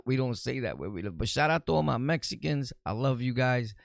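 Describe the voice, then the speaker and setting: A gravelly-voiced man talks straight to his listeners in a loose, rambling monologue, blunt and streetwise. His voice sits at an ordinary middle pitch. The sound is close and dry, with no room around it. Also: expressive, brisk, dry recording. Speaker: podcast host. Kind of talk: casual monologue answering comments.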